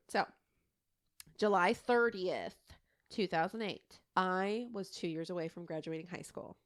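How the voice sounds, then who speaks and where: Chatty low-voiced woman telling a crime story. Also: expressive, takes it slowly, fairly bright tone. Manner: chatty, filler-heavy, swearing, laughing asides. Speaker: podcast co-host. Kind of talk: casual chat and true crime storytelling.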